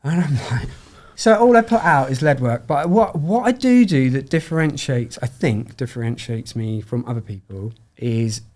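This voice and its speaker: A middle-aged man talks through his story as a podcast guest, chatty and easy-going. He keeps slipping into little acted bits of dialogue, and his voice sits at an ordinary mid pitch. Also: normal speed, hardly any pauses. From United Kingdom. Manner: chatty, acts out quoted dialogue with lively voice shifts. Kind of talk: casual storytelling interview.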